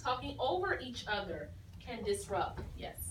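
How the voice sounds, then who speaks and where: A woman's voice: on the high side, sing-song, measured pace, background noise. A woman teacher leading a phonics lesson, patiently asking questions and repeating the pupils' answers. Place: classroom. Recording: echoey classroom from far off.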